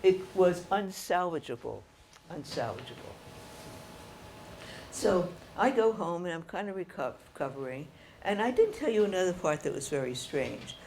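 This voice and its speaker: Older female storyteller, animated, creaky voice. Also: on the low side, moderate pace, a little hiss or hum. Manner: chatty, animated, laughs while telling. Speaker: speaker telling stories to an audience. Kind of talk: storytelling talk.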